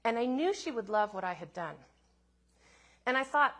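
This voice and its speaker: A woman minister telling a personal story in a sermon, in a gentle, reflective way with soft asides. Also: fairly high pitch, big pitch swings, normal speed, pauses often.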